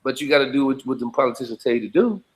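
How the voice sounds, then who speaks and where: Rapid-fire and animated, a mid-range male voice comes through poor audio. It's casual conversation in blunt, profane, emphatic street talk, with checking phrases repeated again and again to the listener.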